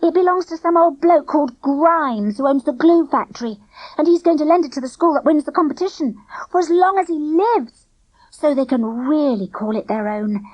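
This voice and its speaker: A woman's voice: high-pitched, normal speed, a little mellow, no room sound, pitched above the performer's own voice, close to an everyday voice, rough recording. Woman doing a flustered plump little boy. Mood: eager. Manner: breathless, pleading, complaining. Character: plump clumsy young boy, easily flustered.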